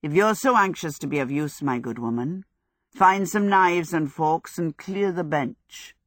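A woman's voice: low voice, unhurried, no room sound, studio quality. A woman voicing a flamboyant young male wizard who talks in an offhand drawl. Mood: mocking.

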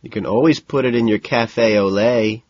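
A prissy, lisping male stranger, as a man puts him on in an audiobook, a touch higher than the narrator's own voice. He sounds husky underneath. The recording is dry and a little muffled. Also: moderate pace, darkish tone, dry recording, natural voice. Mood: prissy mocking. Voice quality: lisp.

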